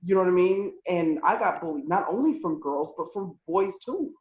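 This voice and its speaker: A woman's voice: fairly low pitch, expressive, moderate pace, a little mellow. A woman co-hosting a podcast, talking bluntly and profanely in casual chat. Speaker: podcast co-host. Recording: echoey, dull lo-fi room sound.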